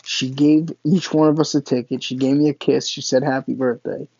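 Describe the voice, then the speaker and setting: A man's voice: mid-range voice, flat delivery, normal speed, gravelly, warm tone, breathy edge, no room sound. Profane, rambling storytelling man, muffled sound. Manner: profane, rambling, frequent restarts and stammers. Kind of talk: casual personal storytelling.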